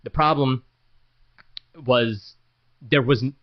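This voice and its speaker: A man talks casually to camera as a property manager, at an ordinary mid pitch. He is blunt and rambling, filling his speech with "you know" and false starts. The audio is a little muffled and lo-fi. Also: animated, moderate pace, long pauses. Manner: frank, rambling, many fillers and restarts. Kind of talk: casual business talk to camera.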